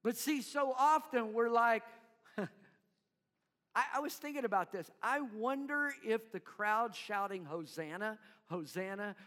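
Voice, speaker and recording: Pastor guy with a high voice, slow unhurried preaching, goes big then hushed, echoey church hall. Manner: animated, acts out crowd voices, drops to quiet low tones. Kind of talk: sermon. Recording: long reverb in a hall.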